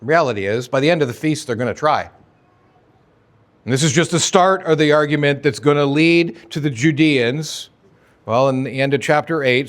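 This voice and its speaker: A man's voice: on the high side, normal speed. A man preaching a sermon as pastor of a church, conversational and emphatic, with sudden rises and drops in energy. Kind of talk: expository sermon. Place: church sanctuary.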